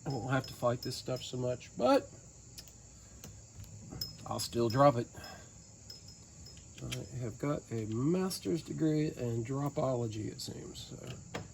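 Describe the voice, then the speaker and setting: Outdoors next to a boat resting on the ground, a DIY vlogger with a Southern Appalachian accent narrates his repair work as a casual how-to, folksy and full of jokes. He talks slowly in a creaky, mid-range voice and pauses often, over a slight hiss or hum.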